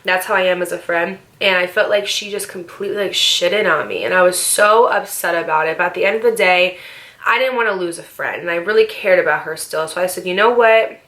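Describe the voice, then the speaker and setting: A woman's voice: fairly low pitch, a little fast, a bit bright. A young woman vlogger telling a storytime tale in a chatty, dramatic way, with slang and swearing. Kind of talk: casual storytime monologue.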